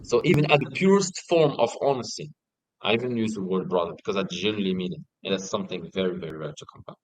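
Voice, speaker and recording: A young man in a casual interview, telling stories in an animated way and swearing often. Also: low-pitched, fast, no room sound, rough recording. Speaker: guest.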